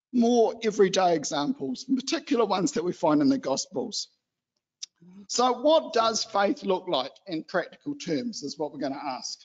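A man from New Zealand giving an animated, chatty exhortation in a church hall. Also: sits high, lo-fi sound. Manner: chatty and animated, acts out excited children. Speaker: lay preacher.

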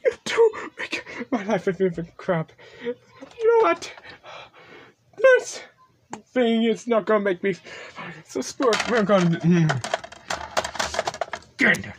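Loud, erratic young man shouting and mumbling. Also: sits high, slight background noise. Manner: swings from mumbling to shouting, swears. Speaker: video maker. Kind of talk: chaotic reaction skit.

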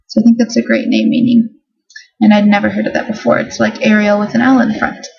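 A woman's voice: mid-range voice, flat delivery, fast talker, creaky. A young woman talking casually to her camera, chatty and enthusiastic as she goes through a list. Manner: chatty, enthusiastic about baby names. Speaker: vlogger. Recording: dull lo-fi home recording.

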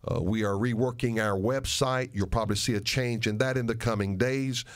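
An older pastor, speaking at medium pitch in a steady tone and normal speed, delivers a radio sermon and ministry appeal. He's earnest and emphatic, repeating phrases to drive them home.

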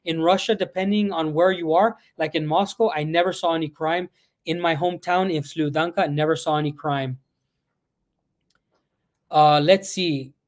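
High-voiced man chatting on a live stream. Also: steady tone, moderate pace. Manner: rambling, reads out chat questions, mixes in Spanish. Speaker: guest answering viewer questions.

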